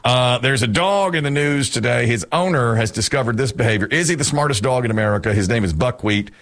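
A man in his fifties, a show host telling stories in casual banter, animated and quick to laugh. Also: medium pitch. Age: 50s. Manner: animated storytelling, bursts of laughter.

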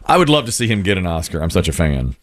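A man's voice: deep voice, quick pace, dry recording, studio quality. A man hosting a radio show, chatting casually with his co-host, teasing and laughing as he tells stories. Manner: laughing, teasing, lively storytelling. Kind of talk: casual morning radio chat. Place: radio studio.

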